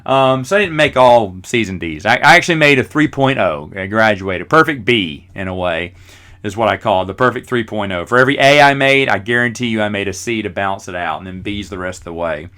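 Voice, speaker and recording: A man's voice: fairly low pitch, fairly quick, sharp tone. A middle-aged man hosting a podcast, telling rambling, self-mocking stories in a casual way. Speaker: podcast host. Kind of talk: casual storytelling.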